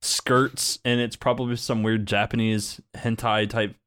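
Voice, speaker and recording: A man's voice: fairly low pitch, flat delivery, measured pace, a bit bright, dry recording, clean studio sound. A man joking incredulously in a casual chat among friends. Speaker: co-host.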